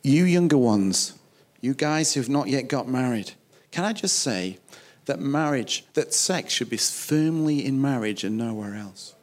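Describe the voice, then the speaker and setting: A man's voice: medium pitch, lively intonation, unhurried. A man preaching a sermon, emphatic and conversational, acting out little quoted dialogues. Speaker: pastor.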